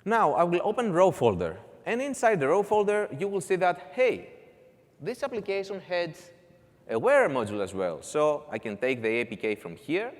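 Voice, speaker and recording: A man's voice: high-pitched, big pitch swings, normal speed, in a large hall. A man giving a conference talk, walking through a live demo step by step with casual asides. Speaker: conference speaker. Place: conference hall.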